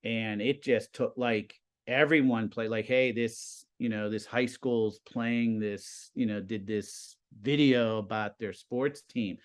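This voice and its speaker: A man in his fifties, a high school TV production teacher, telling stories casually as a guest and acting out the conversations he quotes. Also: takes it slowly, hardly any pauses. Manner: animated, acts out quoted conversations. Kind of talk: casual storytelling.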